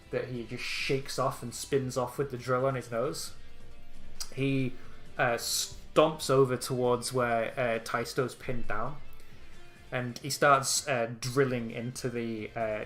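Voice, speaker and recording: A man in a middle pitch narrates a tabletop game as game master. His narration is loose, full of "uh" and "like". Faint music plays behind him. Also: fairly bright tone. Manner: loose narration with many fillers.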